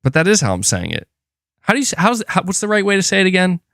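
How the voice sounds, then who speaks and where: A man's voice: sits high, wildly swooping pitch, quick pace, gravelly, fairly bright tone, no room sound, studio quality. Chatty streamer man reading chat. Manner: rambling, hesitant, lots of fillers and restarts. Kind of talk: casual livestream chat.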